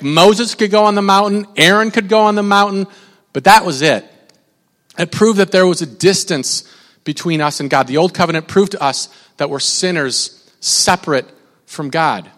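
A young man with a high voice preaches a casual sermon in an animated, rambling way, often restarting and interrupting himself. His voice rings out with a long reverb, as if he is in a large hall. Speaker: pastor.

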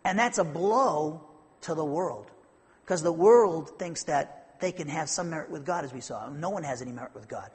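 A man's voice: on the high side, lively intonation, moderate pace, husky, in a large hall. A man preaching an expository sermon to his congregation, with an emphatic delivery that rises and falls. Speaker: pastor.

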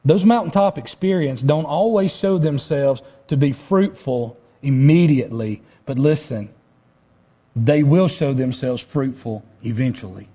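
A man's voice: mid-range voice, a little slow, dark tone, breathy edge. A man preaching a sermon to his congregation, conversational and full of rhetorical questions. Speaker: pastor.

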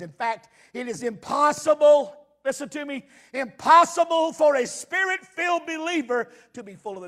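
A male pastor, preaching an impassioned sermon that builds to shouted crescendos. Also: very high-pitched.

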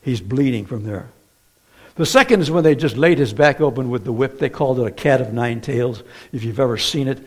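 A man's voice: mid-range voice, a little fast. A man preaching a sermon in a conversational way, often asking the congregation questions.

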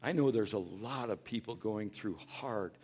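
A man preaching a sermon as a pastor, earnest and conversational. He acts out people's words in a higher, louder tone and goes soft on tender points. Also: normal speed, husky. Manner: animated, acts out quoted voices in a higher, louder tone.

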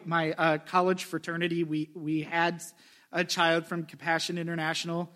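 A man's voice: a little high, completely flat delivery, normal speed, pushed and bright. A male pastor preaching a sermon in a conversational way, with joking asides.

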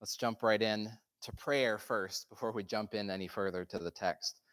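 A man preaching a sermon, praying in an earnest, measured way and then telling a story to the congregation. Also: on the low side. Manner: earnest, measured, with soft slowed prayer. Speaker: pastor.

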